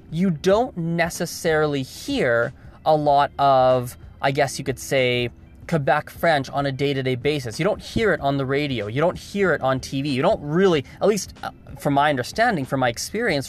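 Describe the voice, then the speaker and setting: Emphatic man, slightly higher voice. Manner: emphatic, repeats words, restarts often. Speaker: video host. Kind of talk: casual opinion monologue.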